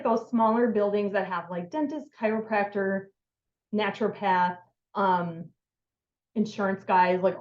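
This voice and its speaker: A woman's voice: mid-range voice, darkish tone. Woman, sales coach, casual chatty talk, echoey room, dull lo-fi sound. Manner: chatty, upbeat, lots of filler words. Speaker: sales trainer.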